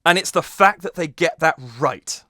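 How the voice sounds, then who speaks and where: A man hosting his own channel reacts to a song, casually and enthusiastically breaking down a lyric in a musical theatre chat, restarting often. He's analytical as he goes. His voice is on the high side at a moderate pace, with background noise behind it.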